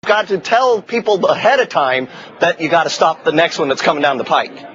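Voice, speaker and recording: A man's voice: a little high, lively intonation, brisk, fairly bright tone, highs cut off. A man hosting a cable news chat, brash, jokey and opinionated. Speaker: TV show host.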